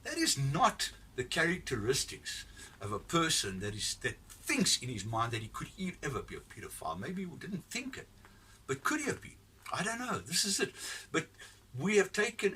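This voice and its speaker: A man rants his opinions bluntly and profanely, rambling and restarting as he goes. His voice is bright and sits a little high, and his pitch swings widely. He sounds somewhat distant from the mic, with faint ambient noise behind him. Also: wildly swooping pitch, moderate pace. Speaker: commentator giving his opinion. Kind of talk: unscripted opinion rant.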